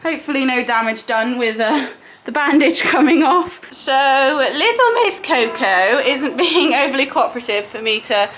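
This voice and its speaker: Young woman, slightly high voice, chatty vlog narration, outdoor stable yard, camera mic, faint ambience behind. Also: animated, normal speed, hardly any pauses, fairly bright tone, slight background noise. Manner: chatty, talks fondly to the horses. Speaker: horse rider running a yard. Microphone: camera mic, no clip-on.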